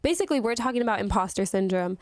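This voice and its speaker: A woman hosting a casual podcast, relaxed as she explains a topic and puts questions to guests. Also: medium pitch, rapid-fire, no echo, studio quality. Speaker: podcast host.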